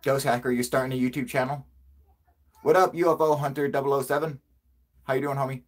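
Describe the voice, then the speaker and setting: A male channel host in casual livestream chat, a profane, excitable storyteller who laughs a lot. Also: mid-range voice, fast talker.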